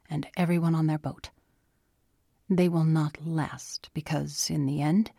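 A woman voicing a calm, thoughtful man who explains things in a measured way. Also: on the high side, creaky, husky, no echo, studio quality, heavily acted.

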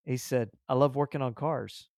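A man hosting a podcast, telling a story with lively acted-out dialogue and frequent repeated words. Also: mid-range voice, normal speed, creaky, dry recording, studio quality. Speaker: podcast host. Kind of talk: casual storytelling interview.

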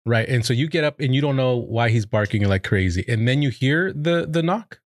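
A man co-hosting a podcast in casual chat, relaxed and full of filler words, asking questions about his friend's story. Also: medium pitch, a little fast, no room sound, clean studio sound. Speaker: podcast co-host.

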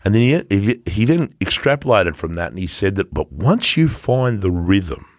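A low-pitched man co-hosting a podcast, his voice swinging up and down in lively bursts as he tells a story, swearing and laughing as he goes. The sound is dry and close, with almost no room around him. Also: moderate pace, no echo. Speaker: podcast co-host. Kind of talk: casual chat.

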